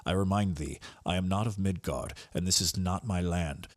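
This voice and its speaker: A man's voice: sits low, moderate pace, dry recording, clean studio sound, lightly acted. A man reading lines as a noble thunder god king who speaks in solemn, archaic phrasing.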